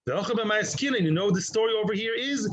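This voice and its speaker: Male Talmud teacher, high voice, lively back-and-forth explaining, asks and answers himself. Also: fast, rough recording. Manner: animated, plays out both sides with rhetorical questions. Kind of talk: daily Talmud lesson.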